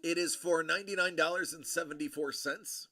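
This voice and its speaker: A man hosting a livestream, chatting casually with viewers in a rambling, friendly way full of fillers and shout-outs. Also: on the high side, fairly even intonation, a little fast. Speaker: livestream host.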